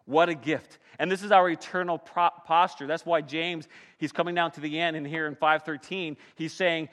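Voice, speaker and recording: Bright-voiced man preaching a sermon. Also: on the high side, steady tone, normal speed, few pauses, long reverb tail. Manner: dynamic preaching, swinging from soft to loud. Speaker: pastor.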